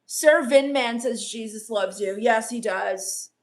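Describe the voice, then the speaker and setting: A woman hosting a comedy livestream, reading chat in a gloomy, deadpan gothic valley-girl drawl, dismissive and misanthropic. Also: fairly high pitch, slow.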